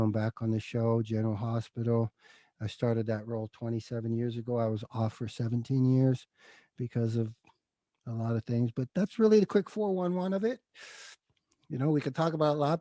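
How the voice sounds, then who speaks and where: A man's voice: medium pitch, fairly even intonation, fairly quick, mellow, no echo. A middle-aged man, a guest in an interview, telling his life story candidly and emotionally, often calling the host dude.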